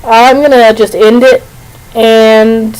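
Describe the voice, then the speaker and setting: Young female vlogger, chatty and rambling, a touch high-pitched, talking into a home webcam. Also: little pitch movement, takes it slowly, darkish tone, clean tone, rough recording. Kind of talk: casual rambling chat to camera. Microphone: camera on a computer.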